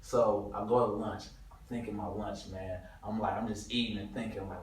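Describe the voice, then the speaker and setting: A man from Detroit, a comedian guest, telling a story in a slangy, animated way with frequent laughs. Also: fairly low pitch, normal speed, a little hiss or hum. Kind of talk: casual storytelling interview. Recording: very echoey room, far from mic.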